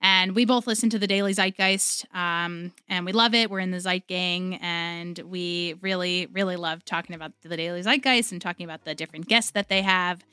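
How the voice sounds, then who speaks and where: An American woman speaks as a podcast guest, chatty and enthusiastic. Her voice is bright and crisp, recorded dry and close. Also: lowish voice, fairly even intonation, normal speed, few pauses, no echo. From United States. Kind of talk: podcast interview.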